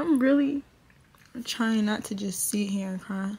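A woman's voice: mid-range voice, unhurried, slight background noise. A young woman, chatting informally and directly to her viewers on a vlog, recorded on a camera mic. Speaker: vlogger. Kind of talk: casual vlog chat to camera.

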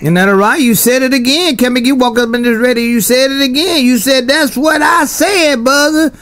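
A man's voice: very high-pitched, brisk, a bit bright. A man on CB radio, chatting in a folksy, repetitive way and calling the other driver by his handle over and over. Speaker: CB radio operator.

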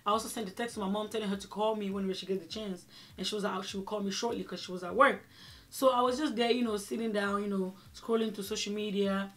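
A woman vlogger telling a personal story in a chatty, animated way, with many fillers. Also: medium pitch, quick pace. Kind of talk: casual storytelling.

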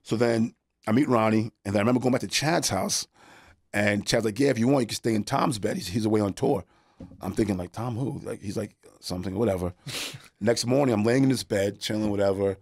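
Gravelly fast-talking New York man. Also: lowish voice, dry recording, clean studio sound. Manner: animated, swears freely, acts out voices in anecdotes. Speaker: guest, skateboarder. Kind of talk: casual storytelling chat.

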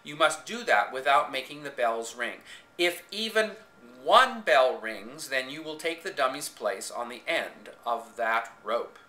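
A man voicing a fat, gloating, menacing king of beggars in a booming, theatrical way, recorded on a home camcorder in an echoey room. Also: animated, measured pace, pushed and bright.

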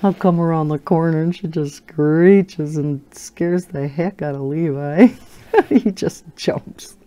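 Older woman, coloring-channel host: low voice, slow and chatty, laughs easily. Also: fairly even intonation, mellow. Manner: chatty and rambling, laughs often. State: holding a baby while talking. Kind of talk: casual chat while coloring.

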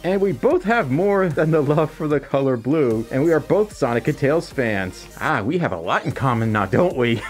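A YouTuber chatting casually while reading fan letters aloud, bubbly and quick to laugh. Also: mid-range voice. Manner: bubbly, laughs often, squeals when excited. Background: faint background music.

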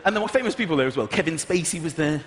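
Animated stand-up comedian. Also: male voice, on the high side, very fast, noisy background. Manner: animated, acts out voices, shouts punchlines. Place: large hall with audience. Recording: echoey live hall, audience laughter.

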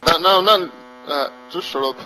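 Jeering guy in game chat, bright sharp voice, bit high, faint hiss. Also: moderate pace, low-quality recording. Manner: mocking, jeering with short jabs. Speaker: player in online voice chat. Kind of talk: heated game chat argument.

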